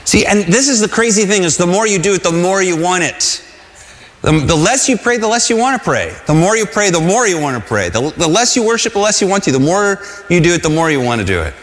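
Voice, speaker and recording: A man preaching a sermon with a fairly high voice. He talks earnestly, dropping soft and then crying out. The sound carries a long reverb from a large hall. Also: big pitch swings, fast talker. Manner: earnest, swings between soft and loud cries.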